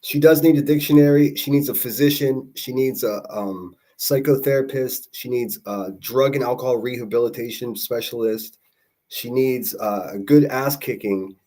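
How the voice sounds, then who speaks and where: A man's voice: mid-range voice, moderate pace, mellow. A man hosting a livestream, talking casually and mocking people with profane insults. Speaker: livestream host.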